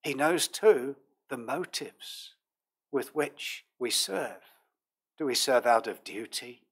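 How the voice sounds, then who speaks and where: A man preaching a sermon as pastor, in a measured, earnest manner with old King James phrasing. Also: mid-range voice, expressive, fairly bright tone, slightly rough.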